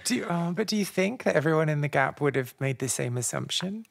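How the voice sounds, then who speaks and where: A podcast host in a relaxed casual interview who laughs along and asks follow-up questions. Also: medium pitch, quick pace, gravelly, no echo, studio quality.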